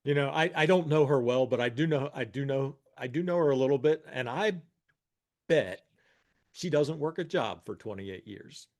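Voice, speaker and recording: A podcast co-host in his sixties explains ideas in a casual, reflective chat. His voice is mid-range with a darkish tone, and he speaks at a moderate pace.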